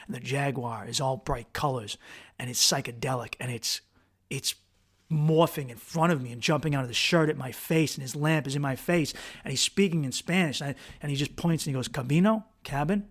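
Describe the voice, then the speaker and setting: A man's voice: medium pitch, fairly even intonation, fairly quick. A man hosting a podcast, retelling a harrowing personal experience in a raw, profane, intense way with frequent restarts. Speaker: podcast host. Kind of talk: personal storytelling monologue.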